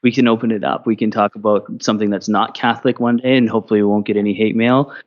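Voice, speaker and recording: A Canadian man speaking as a podcast guest, relaxed and rambling with many restarts. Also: fairly low pitch, fast, lo-fi sound. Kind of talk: casual interview.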